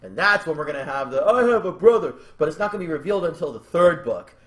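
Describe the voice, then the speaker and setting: A man's voice: a little high, expressive, quick pace, fairly bright tone. A man hosting a casual podcast chat, rambling and restarting his sentences as he plans out a story. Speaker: podcast host.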